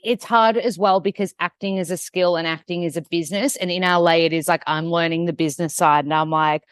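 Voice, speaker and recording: Chatty Australian woman, low voice. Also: fairly even intonation, fairly quick, clean tone, dry recording, clean studio sound. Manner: chatty, peppered with "like". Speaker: guest. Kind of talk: casual podcast chat.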